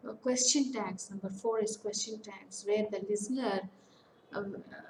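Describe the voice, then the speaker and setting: A woman counsellor with an Indian English accent, giving a lecture on English phonetics and pausing often with fillers. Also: mid-range voice, a little mellow, low-quality recording. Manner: slow, deliberate, with many hesitations and fillers. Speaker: academic counsellor. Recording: faint background noise.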